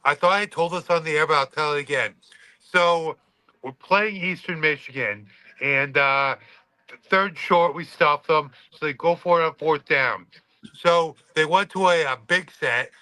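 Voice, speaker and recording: Animated former player telling a story. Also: male voice, a little high, a little slow, clean tone, dry recording, poor audio. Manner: animated, swearing storyteller acting out quotes. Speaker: podcast co-host, former college football player. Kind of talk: casual storytelling chat.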